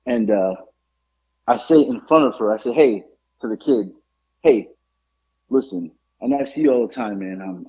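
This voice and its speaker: The highs are cut off in this recording of a man with a lowish, slightly rough voice. As a podcast co-host, he tells a story in easygoing chat, animatedly impersonating the people involved.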